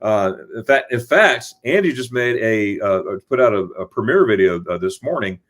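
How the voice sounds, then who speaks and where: A man hosting a relaxed online chat, speaking at a moderate pitch. He tells stories animatedly, stumbling and restarting often as he goes. His voice comes through a video call. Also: moderate pace. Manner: animated storyteller, many restarts. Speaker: host. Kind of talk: casual livestream chat.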